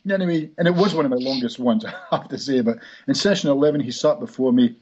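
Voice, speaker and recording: A man's voice: mid-range voice, fast talker, darkish tone, a little hiss or hum. A man, a hypnotist guest telling rambling anecdotes in a podcast interview. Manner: rambling anecdotal, frequent restarts. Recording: dull lo-fi recording.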